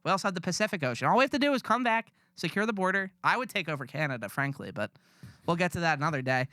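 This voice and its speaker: A man's voice: on the high side, lively intonation, racing, pushed and bright, dry recording, clean studio sound. A man ranting bluntly and profanely in casual podcast chat. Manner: blunt, profane, rambling rants. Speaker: podcast co-host.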